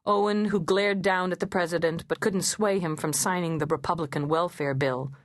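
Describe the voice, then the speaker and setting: A woman reads an audiobook in the first person, her measured delivery carrying a sardonic edge. Her voice sits on the low side for a woman. It was recorded close and dry in a studio, with no room sound. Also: fairly even intonation, no echo. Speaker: audiobook narrator. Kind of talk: first-person scripted narration.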